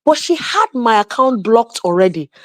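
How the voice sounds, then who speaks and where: A woman calling in to a livestream, telling a story in a lively, quick way. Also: a little high, no room sound. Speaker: caller. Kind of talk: casual call-in chat.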